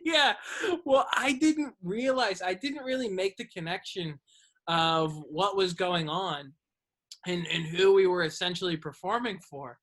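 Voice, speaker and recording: A male comedian and host spins a story in relaxed podcast chat. His bright voice lifts with excitement as he goes, broken by the odd throat-clear. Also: high voice, unhurried. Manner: animated, clears throat often, voice rising as the story builds.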